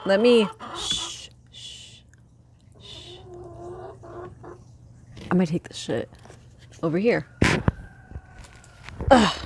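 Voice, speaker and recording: A woman hosting a book club podcast in a rambling, excitable, casual chat, swearing freely, outdoors by a chicken coop and filmed on a handheld phone. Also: mid-range voice, extremely slow, pauses often, background noise. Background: chickens clucking.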